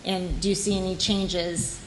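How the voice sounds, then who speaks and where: Woman moderator, fairly low voice, halting friendly questions, faint room noise. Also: little pitch movement, low-quality recording. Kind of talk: moderating a panel. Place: conference panel room.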